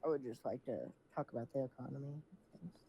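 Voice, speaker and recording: A man guesting on a game roleplay newscast, talking quietly and hesitantly with lots of ums. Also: medium pitch, steady tone, fast talker, gravelly, dull audio, slight background noise.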